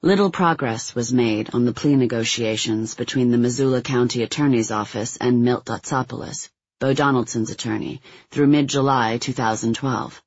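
A man narrating a nonfiction book in an even, measured scripted reading. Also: medium pitch, slightly rough, dry recording, muffled recording. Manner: even, measured reading; quotes read with little acting. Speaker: audiobook narrator.

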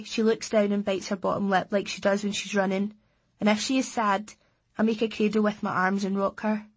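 A woman's voice: mid-range voice, husky. A woman reading a first-person story aloud in a plain, understated way. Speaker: audiobook narrator. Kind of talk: scripted first-person narration.

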